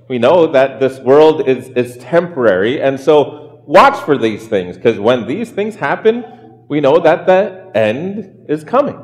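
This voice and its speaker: A man's voice: fairly high pitch, long reverb tail. A man, a pastor, giving a conversational sermon in a chatty way, often asking the listeners rhetorical questions.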